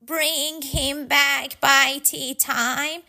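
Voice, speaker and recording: A woman's voice: high voice, extremely slow, sharp tone, pitched above the performer's own voice, exaggerated voice. A woman voicing a cheerful, teasing old lady neighbour in a storybook. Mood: jolly. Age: older. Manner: jolly and teasing.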